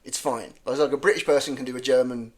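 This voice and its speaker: A man with a strong Brummie accent chats as a podcast guest comedian. His talk is rambling and jokey, full of restarts and self-corrections as he works through an idea. His pitch sits in an ordinary middle range for a man. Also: quick pace. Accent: Birmingham (Brummie). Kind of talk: casual podcast chat.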